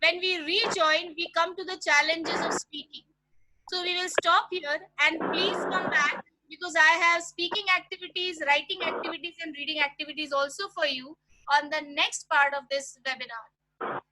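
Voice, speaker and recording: A woman with a very high voice gives an online lecture to teachers over a video call. She explains each point slowly and speaks straight to the participants. Loud noise sits under her voice throughout. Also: fairly even intonation. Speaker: teacher trainer leading a webinar.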